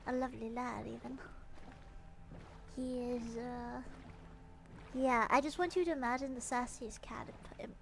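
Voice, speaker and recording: A woman's voice: a little high, fairly even intonation, moderate pace, creaky, slight background noise. A woman streamer chatting playfully while gaming, repeating phrases with exaggerated emphasis. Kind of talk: casual game livestream chatter.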